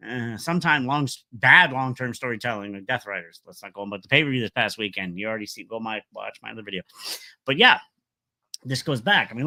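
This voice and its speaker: Middle-aged guy ranting about wrestling, bright lively voice, dry close sound, lots of ums. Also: mid-range voice, no echo. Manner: animated, opinionated, rambling with fillers. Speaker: wrestling vlogger. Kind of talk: casual wrestling recap.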